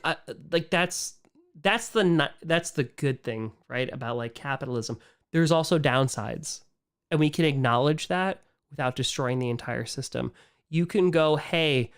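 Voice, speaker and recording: Streamer guy doing viewer q&a, rants a lot, goes loud and hyped then quiet and tired. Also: fairly high pitch. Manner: animated, swings from excited outbursts to quiet, weary muttering; ranting, frustrated. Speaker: livestream host answering viewer questions. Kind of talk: casual live-stream chat.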